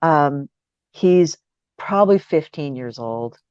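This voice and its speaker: A woman guest on a podcast interview, telling a personal story in a lively, animated way and acting out the voices of people in it. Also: deep voice, takes it slowly, clean tone, dry recording. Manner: lively, laughing, acts out quoted voices. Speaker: guest speaker and author. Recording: dry, dull lo-fi sound.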